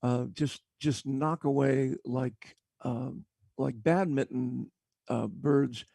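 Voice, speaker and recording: A man hosting a talk show, speaking haltingly with frequent restarts. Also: mid-range voice, gravelly, warm tone, no echo. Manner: halting, repeats and restarts words. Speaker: show host. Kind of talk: casual talk show chat.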